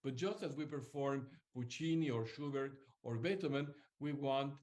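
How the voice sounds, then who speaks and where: Hesitant man interviewer, mid-pitched. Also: moderate pace, darkish tone. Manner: thoughtful, searches for words, hesitant. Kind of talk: conversational interview.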